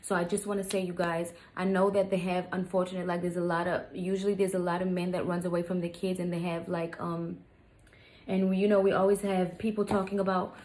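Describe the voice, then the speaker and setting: A woman's voice: fairly low pitch, little pitch movement, a little fast, darkish tone. A young adult woman telling a personal story to her viewers, candid and venting, often calling them "you guys". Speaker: vlogger.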